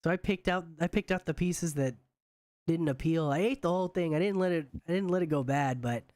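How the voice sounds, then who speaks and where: Higher-pitched male podcaster, dry close mic, halting casual delivery. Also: darkish tone, no room sound. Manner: hesitant, many restarts and fillers. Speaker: podcast co-host. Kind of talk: casual chat.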